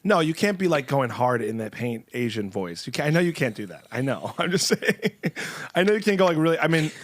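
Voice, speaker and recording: A man hosting a casual podcast chat, joking around and rambling in an animated way. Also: mid-range voice, a little fast, dry recording. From Italian-American. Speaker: podcast host.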